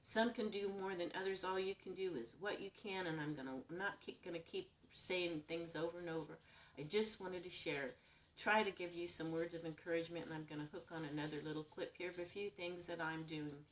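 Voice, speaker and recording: A woman's voice: on the low side, steady tone, a little fast, a little hiss or hum. Older woman talking earnestly to camera. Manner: earnest, rambling, gently emotional. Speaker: vlogger. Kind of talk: casual heartfelt talk to camera. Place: at home. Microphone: camera mic.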